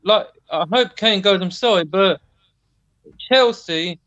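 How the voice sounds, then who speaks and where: A man's voice: sits high, takes it slowly, a bit bright, no echo. A man calling in as a fan, ranting angrily and swearing. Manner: angry, swearing rant. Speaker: caller. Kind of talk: fan phone-in chat. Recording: muffled call audio.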